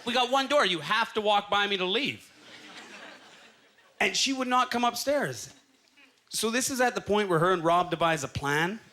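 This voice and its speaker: Bright, high-voiced man doing stand-up. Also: expressive, moderate pace, long pauses. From Canada. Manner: storytelling, acting out quoted voices. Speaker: stand-up comedian. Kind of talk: stand-up comedy set. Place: comedy club stage. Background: audience laughter.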